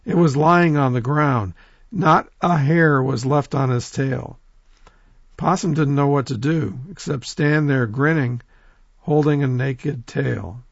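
A man telling a folk tale in a lively oral storytelling manner, talking straight to his listeners. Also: medium pitch, slow pace, creaky, dry recording, muffled recording. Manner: lively, animated, addresses listeners directly.

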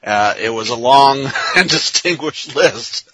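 A man co-hosting a soccer talk show, speaking in a rambling, halting, wry way with lots of restarts. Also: medium pitch, expressive, fairly bright tone, poor audio. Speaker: soccer podcast co-host. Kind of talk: casual sports talk.

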